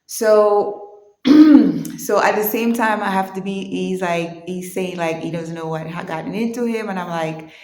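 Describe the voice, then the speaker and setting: A woman telling a personal story in an earnest, conversational way, pausing and restarting as she goes. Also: mid-range voice, warm tone, echoey room. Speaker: vlogger.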